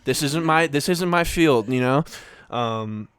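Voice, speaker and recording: A man's voice: mid-range voice, animated, unhurried, a bit bright, clean tone. A young man co-hosting a podcast, telling a story in a casual, rambling way full of fillers and acted-out quotes. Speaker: podcast co-host.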